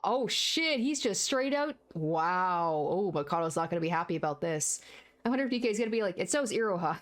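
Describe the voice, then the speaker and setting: A woman streamer giving excited, chatty commentary while playing a story game. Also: fairly low pitch, brisk. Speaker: let's-play streamer.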